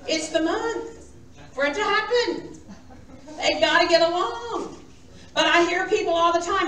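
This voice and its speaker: A woman's voice: extremely high pitch, a little slow, long pauses, fairly bright tone. A woman minister giving a sermon, coaxing the congregation to repeat lines after her. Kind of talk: sermon with call and response. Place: church sanctuary. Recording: roomy church sound from a distant mic.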